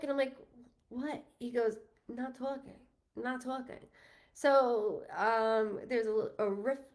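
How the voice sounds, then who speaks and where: A woman's voice: fairly high pitch, creaky. A woman working as a psychic medium on a live stream, talking in a rambling, casual way that keeps breaking off and restarting, with frequent laughter. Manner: rambling, self-interrupting, laughs often.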